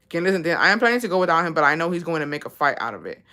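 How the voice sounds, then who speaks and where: A woman's voice: low-pitched, rapid-fire. Blunt, profane woman. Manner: blunt, profane, animated storytelling. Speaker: vlogger giving advice. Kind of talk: casual advice chat.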